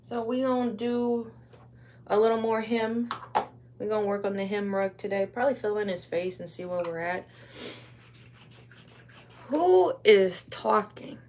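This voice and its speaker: Young woman streamer, Wisconsin-raised, slow rambling slang chat, mid-pitched. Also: darkish tone, a little hiss or hum. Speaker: livestreamer crafting a rug. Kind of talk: casual livestream chat.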